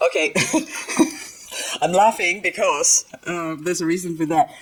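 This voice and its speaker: A woman's voice: lowish voice, takes it slowly, pauses often, slight background noise, rough recording. An older woman, chatting nonstop and giggling as she cleans up her plants for a gardening vlog. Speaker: gardening vlogger. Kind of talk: casual chat while working.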